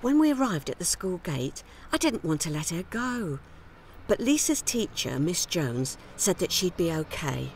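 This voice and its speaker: An actress playing a weary housewife in a loveless marriage, narrating a scripted film monologue in a wry, rueful and quietly downcast way. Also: female voice, fairly low pitch, sing-song, unhurried, a little hiss or hum. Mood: wistful.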